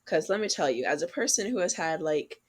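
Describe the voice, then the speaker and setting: A woman's voice: sits low, expressive, a little fast. A young woman co-hosting a podcast, chatting casually and giving frank dating advice straight to listeners. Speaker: podcast co-host. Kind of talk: casual chat.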